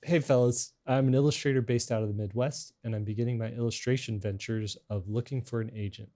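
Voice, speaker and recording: A man's voice: medium pitch, fairly even intonation, quick pace, mellow. A middle-aged man hosting a casual podcast chat, talking in a rambling, hesitant way with many restarts. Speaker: podcast host.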